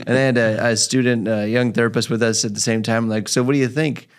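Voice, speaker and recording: A man's voice: medium pitch, fast, smooth. A man hosting a physical therapy podcast, telling a patient story in casual chat and acting out the patient's lines. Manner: animated storyteller, acts out his patient's lines.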